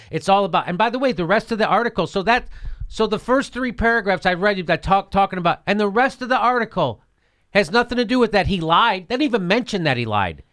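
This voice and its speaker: High-voiced man ranting sarcastically. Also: expressive, quick pace, fairly bright tone. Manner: indignant, sarcastic, profane, repeats himself. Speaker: host. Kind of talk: heated political commentary.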